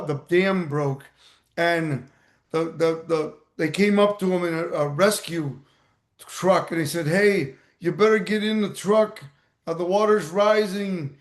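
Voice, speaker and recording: A man giving an energetic motivational talk on a video call, stressing and repeating his key points. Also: sits high, roomy sound. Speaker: motivational speaker and mentor.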